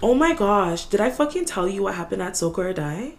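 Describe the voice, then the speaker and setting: A young woman co-hosting a podcast, telling an animated story in casual chat, full of "like" and swearing. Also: medium pitch, fairly quick, background noise. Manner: animated storytelling, swears a lot, heavy filler "like".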